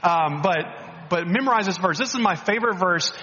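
Male guest preacher, animated sermon, high voice, reverberant hall, muffled recording. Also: brisk. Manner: animated, repeats words and restarts, coaxing the congregation.

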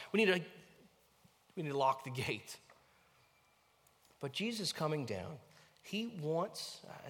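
A man preaching a sermon as a pastor, animated, swinging between quiet asides and loud emphatic lines. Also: fairly high pitch, big-room sound. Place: church sanctuary.

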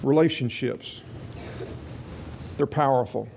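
A male pastor delivering a sermon in a relaxed, folksy manner, drifting into asides as he tells a story. His voice sits in an ordinary middle pitch. A faint hiss of background noise runs under the recording. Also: takes it slowly, gravelly. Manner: folksy, conversational, rambling asides.

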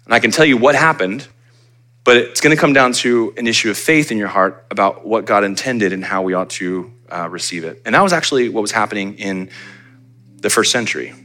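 Bright-voiced animated male pastor. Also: lowish voice, fairly quick. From United States. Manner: animated, conversational preaching with acted-out asides. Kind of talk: sermon.

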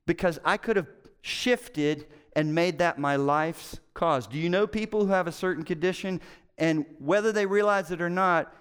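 A middle-aged man preaching a sermon as a pastor, telling stories in a conversational way, swinging between loud emphasis and hushed moments. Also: sits high, normal speed, clean tone, long reverb tail.

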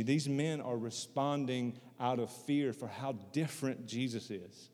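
A man's voice: medium pitch, normal speed, hardly any pauses, a little mellow, in a large hall. A man preaching a sermon in a conversational way, repeating phrases for emphasis. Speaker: pastor.

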